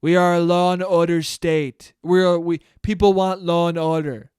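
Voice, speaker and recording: A man imitates a blustering older politician who hammers the same slogan again and again. The voice is loud and emphatic, pitched high and smooth, and recorded dry and close. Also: level tone, moderate pace, dry recording, close to an everyday voice.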